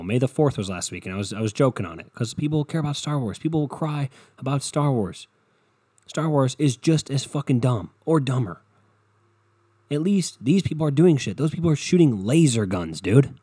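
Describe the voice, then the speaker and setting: A man's voice: mid-range voice, no room sound. A young man rambling through a profane, comedic monologue as a podcast host. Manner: rambling, profane, animated storytelling.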